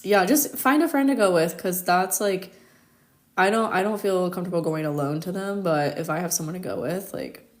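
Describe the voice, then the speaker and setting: Chatty thirty-year-old woman, lowish voice. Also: moderate pace. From United States. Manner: chatty storytelling, constant "like", laughs often. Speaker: astrologer hosting a live stream. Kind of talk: casual live-stream chat. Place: her home in Paris.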